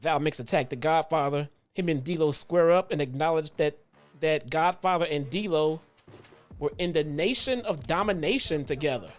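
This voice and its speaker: A man hosting a casual retro wrestling review, telling stories in a loose, profane, animated way. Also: on the high side, moderate pace, soft background music. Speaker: host.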